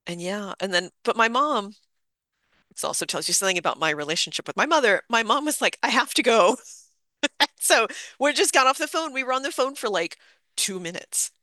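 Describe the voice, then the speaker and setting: An adult in their fifties telling a personal memory in a halting, reflective way, full of fillers and restarts. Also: medium pitch, lively intonation, bright, forceful tone, dry recording. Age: 50s.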